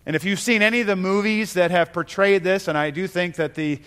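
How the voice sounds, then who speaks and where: A man preaches a sermon to his congregation in a fairly high voice, earnest and emphatic. He pauses and restarts as he builds each point. The sound rings out with the long reverb of a church hall. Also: fairly bright tone, smooth. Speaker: pastor. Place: church sanctuary.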